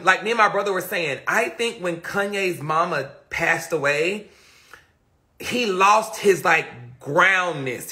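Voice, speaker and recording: A woman's voice: mid-range voice, sharp tone. A woman hosting a casual live stream, reading viewer comments, talking bluntly and profanely with many repeated fillers. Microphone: phone or webcam on a live stream.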